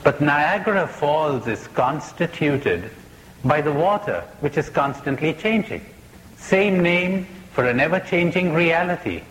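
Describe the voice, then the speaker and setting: A man's voice: fairly high pitch, animated, a little slow, a bit bright, long reverb tail, slight background noise, rough recording. A man giving a reflective spiritual talk, asking questions and telling jokes in a playful storytelling manner.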